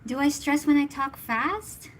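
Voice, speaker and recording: A woman's voice: high voice, lively intonation, unhurried, poor audio. A woman from the Philippines, a tarot reader chatting casually with her livestream viewers in a giggly, talkative way.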